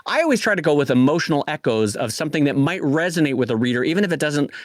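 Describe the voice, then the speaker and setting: A man co-hosting a casual podcast, talking in an animated, expressive way about comic-making. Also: on the high side, rapid-fire, no room sound, studio quality. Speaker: podcast co-host, comic creator.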